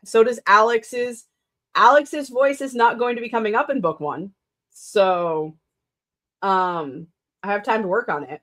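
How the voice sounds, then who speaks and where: A woman's voice: medium pitch, a bit bright. Rambling, laughing woman author. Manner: rambling, many fillers and self-corrections; laughs often between sentences. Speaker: author streaming a writing session. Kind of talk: casual chat.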